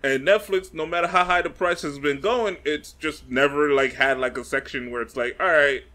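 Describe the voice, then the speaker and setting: A man co-hosting a podcast in casual chat, animated and emphatic, laughing a lot. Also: fairly high pitch, normal speed. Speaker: podcast co-host.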